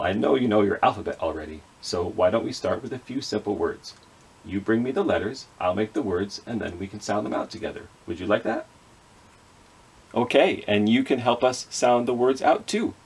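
A man's voice: lowish voice, sing-song, normal speed, slightly rough. A man leading a children's reading skit with puppets, patiently sounding out letters and words. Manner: gently apologetic with the puppets. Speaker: children's librarian.

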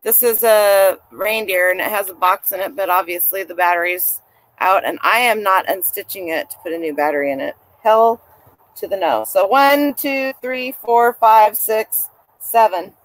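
A woman's voice: mid-range voice, normal speed, dry recording. A woman vlogging casually as a reseller, chatty and rambling as she shows her finds. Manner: chatty, rambling, talks to people and dog nearby. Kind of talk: casual chat.

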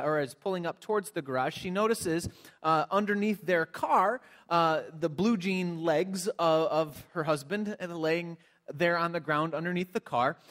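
A pastor delivers his sermon in a relaxed, storytelling manner, often restarting his phrases. His voice sits somewhat high for a man. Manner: storytelling, conversational with frequent restarts. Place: church sanctuary.

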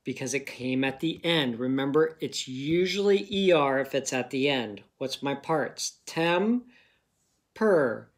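A man's voice: mid-range voice, moderate pace, hardly any pauses. A man teaching a phonics lesson to young children in a patient, encouraging manner.

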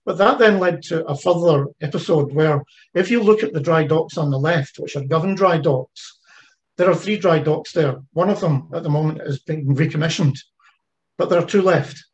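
A man's voice: a little high, normal speed, low-quality recording. A man giving an online presentation about a heritage ship project, talking conversationally with frequent fillers and restarts. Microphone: video call.

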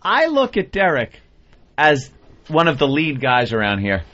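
A man's voice: a little high, wildly swooping pitch, measured pace, pushed and bright. Joking male radio host, lo-fi. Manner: joking, reading a memo aloud with mock gravity. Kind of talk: casual radio banter. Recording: dull lo-fi broadcast with faint hiss.

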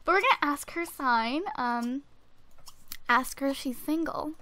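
A woman's voice: high-pitched, a little slow, sharp tone. A young woman giving chatty, giggly let's play commentary and talking back to the game characters. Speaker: gaming video host. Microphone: desk USB microphone.

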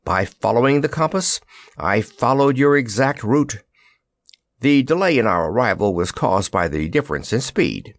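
A man voicing a small, fussy, excitable wizard in a storybook reading, puffing out his words. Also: mid-range voice, no echo, clean studio sound. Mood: brisk. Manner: puffing, quick exclamations.

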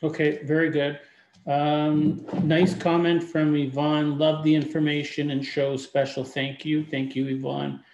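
A man's voice: fairly high pitch, flat delivery, measured pace, darkish tone, echoey room, muffled recording, slight background noise. A man co-hosting a webinar who reads out viewer questions and comments and answers with short affirmations. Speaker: mortgage broker co-host. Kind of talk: moderating questions in a live webinar.

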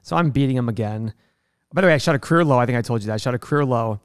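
A young man co-hosting a podcast, telling animated, fast stories in casual chat, laughing often and swearing freely. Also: mid-range voice, smooth, no echo, clean studio sound. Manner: fast, animated storytelling, acting out quoted people. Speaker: podcast co-host, investor.

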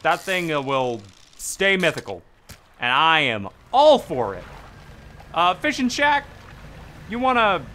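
Male gaming streamer, bright and tense tone, chatty and profane, argues with game characters. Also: high voice, slow pace, a little hiss or hum. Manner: animated, swearing, talking back to game characters. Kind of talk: casual gameplay commentary.

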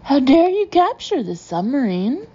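A woman's voice: medium pitch, steady tone, normal speed, gravelly, darkish tone, husky, highs cut off. A woman voicing an indignant young female submarine captain in a storybook reading.

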